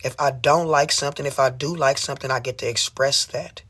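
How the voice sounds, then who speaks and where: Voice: medium pitch, fairly even intonation, a little fast, a bit bright. A livestreamer in an emotional, impassioned rant who swears often, fires rhetorical questions at the audience and repeats phrases for emphasis.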